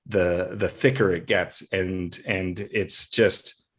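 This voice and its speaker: A man's voice: deep voice, fairly even intonation, slow pace. A man from Canada chatting as a podcast guest about acting work, with a General North American accent and lots of fillers. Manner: chatty storyteller with frequent fillers. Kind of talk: casual conversation.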